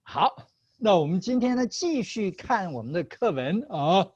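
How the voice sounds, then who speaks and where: A man's voice: high voice, big pitch swings, normal speed, a little mellow, husky, no room sound. A male teacher running an online class, patient, switching between Chinese and English and laughing often. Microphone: video call. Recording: slightly dull video call audio.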